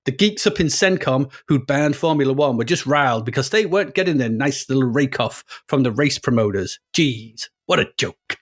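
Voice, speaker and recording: A man's voice: mid-range voice, expressive, normal speed, few pauses, natural voice. A man reading a story aloud in a put-on American accent, playing a boastful, cynical washed-up race driver with a slangy, sneering drawl. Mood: swaggering.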